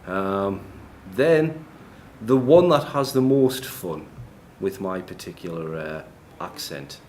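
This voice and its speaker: A man's voice: low voice, animated, slow, darkish tone. A man giving a live technical presentation in a noisy, echoey conference room, chatty and self-deprecating, often laughing. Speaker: conference speaker.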